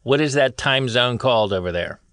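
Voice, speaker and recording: A man's voice: medium pitch, lively intonation, brisk, a bit bright, no echo. Dry, teasing male podcast host. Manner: dry, teasing, interviewer-like questions. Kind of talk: deadpan comedy podcast banter. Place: studio in Burbank, California.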